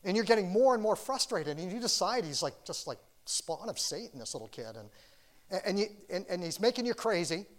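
A man preaching a sermon as a pastor, earnest, swinging from loud urging to hushed quiet. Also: high-pitched, very animated, brisk.

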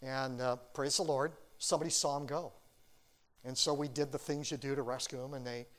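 A man preaching a sermon as a pastor, earnest, swinging from loud urging to hushed quiet. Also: medium pitch, fairly even intonation, a little fast.

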